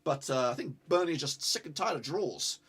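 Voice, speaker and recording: A man calls a football match live for his stream, swinging from muttered asides to excited shouts and swearing freely. His voice sits high for a man and sounds bright and sharp. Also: brisk, breathy edge. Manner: excitable, swears, urges viewers to like. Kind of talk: live watch-along commentary.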